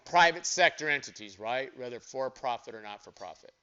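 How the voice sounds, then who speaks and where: A man's voice: mid-range voice, animated, brisk, bright, forceful tone, smooth, no echo, dull audio. An older male accounting professor giving a casual recorded lecture, asking questions and answering them himself. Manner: conversational, asks and answers his own questions.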